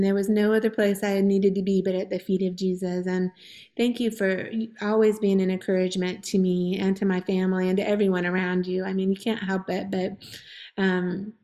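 A woman's voice: mid-range voice, mellow. Earnest woman sharing a faith testimony. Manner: earnest storytelling, laughing and tearful at times. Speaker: guest. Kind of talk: personal testimony in a faith interview.

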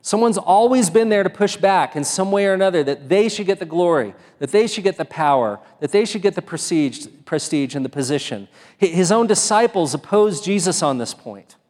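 A man's voice: sits high, expressive, brisk, darkish tone. Conversational male pastor preaching in a hall. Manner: conversational, many fillers and restarts. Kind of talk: sermon.

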